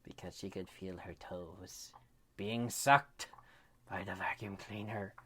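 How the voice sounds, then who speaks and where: A man telling his children a bedtime story, dropping to a hush and jumping up into shrieks. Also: deep voice, fairly even intonation, slight background noise. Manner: slow, hushed, then shrieking kid voices. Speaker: storyteller dad.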